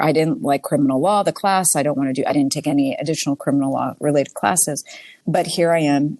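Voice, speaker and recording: A woman's voice: low voice, fast, a little mellow, dry recording. A woman in her forties from the US Northeast, a guest in a casual interview, telling chatty stories and acting out what she and others said. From Boston, US Northeast. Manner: chatty storyteller who acts out her own quotes. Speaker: guest, nonprofit CEO.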